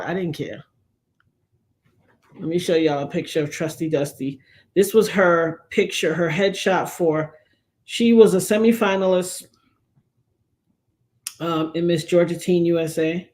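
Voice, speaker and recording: A middle-aged woman hosting a livestream, chatting casually and telling animated stories while acting out the voices she quotes. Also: lowish voice, normal speed. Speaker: livestream host. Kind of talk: casual storytelling chat.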